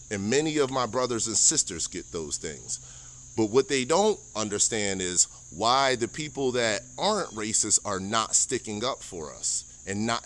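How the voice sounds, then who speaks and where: A man's voice: medium pitch, fairly bright tone. A man from the United States, an army veteran with an American accent, speaking in an earnest, impassioned monologue while standing, repeating himself and stumbling over words. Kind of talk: impassioned personal monologue to camera.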